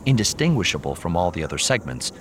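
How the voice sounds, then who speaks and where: Deep-voiced man narrating a novel. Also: very animated, quick pace, a bit bright, slight background noise. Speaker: audiobook narrator. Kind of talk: scripted narration.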